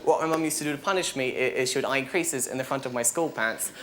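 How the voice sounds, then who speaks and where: A man's voice: medium pitch, fast. Young Australian man doing stand-up. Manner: rambling, tags lines with "right?". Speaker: stand-up comedian. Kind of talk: stand-up routine. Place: comedy stage before a laughing audience. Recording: live show, loud crowd and noise.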